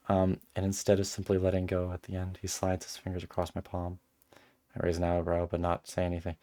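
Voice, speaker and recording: Low-voiced male streamer narrating a game aloud, quick to break into exasperated commentary. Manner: animated, exasperated asides. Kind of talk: reading a visual novel aloud with live commentary.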